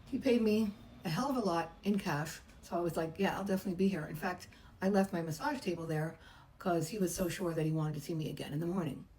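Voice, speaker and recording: A woman's voice: on the low side, fast, darkish tone, slight background noise, rough recording. A middle-aged woman, a massage therapist, chattily telling a personal story and acting out the voices she quotes. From United States.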